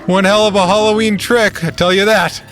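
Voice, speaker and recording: A man voicing a demented, barricaded man who taunts and laughs, his voice shrill and frantic. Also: steady tone, a little fast, fairly bright tone, soft background music.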